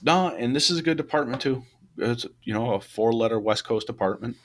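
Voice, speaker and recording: A man co-hosting a fire service podcast, talking through a fire video in loose, rambling shop talk with many restarts, rising in pitch when he gets animated. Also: fairly quick. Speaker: podcast co-host, fire truck company boss. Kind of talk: casual shop talk about firefighting.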